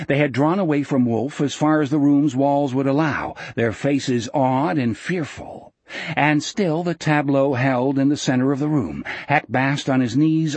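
A man reads an audiobook in a steady, measured way. His voice is husky and mid-pitched. It is recorded close in a dry space. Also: no echo. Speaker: narrator. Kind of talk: audiobook narration.

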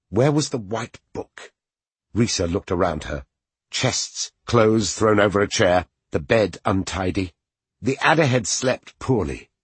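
A man reads a fantasy novel aloud with a low, very husky voice. His pitch moves a lot as he tells the story. The sound is dry and close. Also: no echo. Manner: expressive storytelling. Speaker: narrator. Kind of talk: audiobook narration.

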